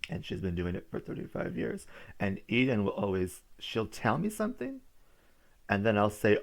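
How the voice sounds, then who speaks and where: A man's voice: lowish voice, huge pitch swings, moderate pace, vocal fry. A man giving a motivational storytelling talk, emphatic and repeating key phrases for listeners to write down. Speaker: business speaker.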